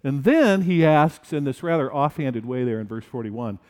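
A male pastor preaching a sermon in a church, animated and acting out the disciples' fright. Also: mid-range voice, normal speed, smooth, big-room sound.

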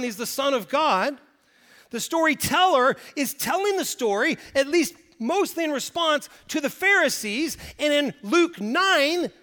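A man preaching a sermon, animated, with emphatic rises and hushed drops. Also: extremely high pitch, big-room sound. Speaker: pastor.

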